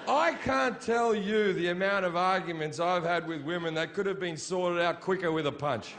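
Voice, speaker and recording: Blunt Australian man, high voice. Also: moderate pace, few pauses, heavy background noise. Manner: blunt, profane, deadpan delivery. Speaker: stand-up comedian. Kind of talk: stand-up comedy set. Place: comedy stage before an audience.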